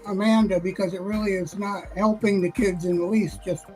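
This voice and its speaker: A woman's voice: mid-range voice, steady tone, brisk, darkish tone, faint music behind, rough recording. A woman hosting a casual morning chat, talking loosely with many fillers and easy laughs. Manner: chatty, laughs easily, fillers. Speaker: show host.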